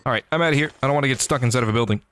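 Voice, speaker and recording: A man giving excitable, joking commentary over his gameplay, often talking back to enemies on screen. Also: medium pitch, rapid-fire, slight background noise. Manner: excitable, jokey, talks to enemies. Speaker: gaming YouTuber. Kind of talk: game commentary.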